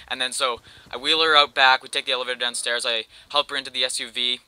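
A man rambles through a long joke story as a gaming commentator, leaning on "like" between every thought. His voice is strikingly bright and tense, and it comes through smooth and clear. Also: mid-range voice, steady tone, fast talker, no echo, poor audio. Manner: rambling, heavy use of "like". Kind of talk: telling a long joke story over gameplay.

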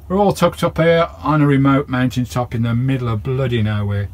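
A man's voice: medium pitch, a little fast, hardly any pauses, darkish tone, faint music behind. Chatty British man vlogging from his van. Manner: chatty, swears casually, talks to his dog. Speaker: vanlife vlogger. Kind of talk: casual vlog chat. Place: inside a parked camper van.

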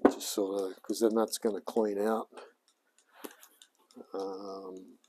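A man's voice: on the low side, warm tone, a little hiss or hum. A man in his forties with an Australian accent, chatting casually to a live stream audience while working on a car, rambling and saying mate often. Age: 40s. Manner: rambling, talks to chat, says mate a lot. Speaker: livestreamer mechanic. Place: garage workshop.

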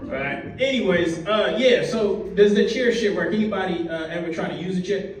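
A man's voice: sits high, moderate pace. A man hosting a comedy show, doing loose, rambling crowd work and teasing the audience. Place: comedy club with live audience. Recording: roomy echo, distant mic, crowd laughter.

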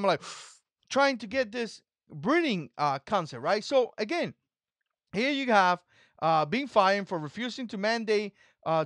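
A man's voice: high-pitched, fairly bright tone, no echo. A man whose first language is not English, hosting an opinion commentary vlog in an emphatic, mocking way that repeats its points. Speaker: channel host.

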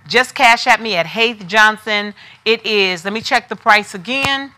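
A woman's voice: medium pitch, a little slow, bright, forceful tone. A woman hosting a live online sale. She talks in a chatty, familiar way, calls viewers by name and repeats prices eagerly. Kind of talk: live shopping sales pitch.

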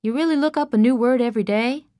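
A woman's voice: on the high side, fast talker, warm tone, dry recording, clean studio sound, lightly acted. A woman voicing a cocky young farm man who teases with a drawling rural way of talking, in an audiobook. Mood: teasing. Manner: drawling rural speech, teasing. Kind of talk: audiobook character voice.

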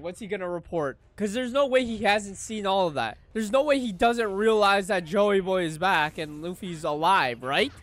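Hyped young man reacting loudly. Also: sits high. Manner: excitable, swearing, shouting and laughing at peaks. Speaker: anime reaction streamer. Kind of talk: live reaction commentary.

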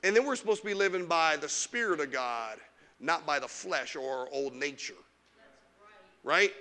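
A man preaching a lively sermon as pastor in a church, teasing the congregation and mocking whiny complainers. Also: a little high, normal speed. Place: church sanctuary.

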